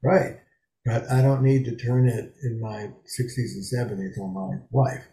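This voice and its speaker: The guest, a psychotherapist in his seventies, is blunt and emphatic in a candid interview conversation, cursing freely from his small bedroom study. His voice is medium in pitch and dark in tone, moving at a moderate pace through a reverberant space.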